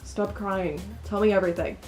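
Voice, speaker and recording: A woman's voice: medium pitch, steady tone, normal speed, darkish tone, faint music behind, lightly acted, poor audio. A woman voicing a firm, caring young man who is the love interest in a story game. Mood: stern.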